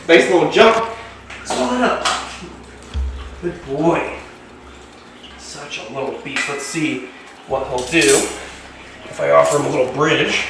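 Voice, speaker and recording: An enthusiastic man with a slightly high voice narrates as he handles his reptiles, coaxing them along. He sounds set back from the mic in a very echoey room, with music playing behind. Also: a little slow, creaky, long pauses, recorded from a distance. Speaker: reptile keeper and show host. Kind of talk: casual vlog narration.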